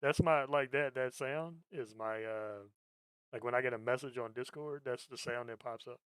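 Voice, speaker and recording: A man hosting a podcast and chatting casually, his voice sitting at an ordinary middle pitch. He tells long, rambling stories, swears freely and laughs often. The sound is dry and close, with hardly any room around it. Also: moderate pace, fairly bright tone, clear, resonant tone, no echo. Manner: profane, rambling storyteller who laughs a lot. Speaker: podcast host. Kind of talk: casual chat.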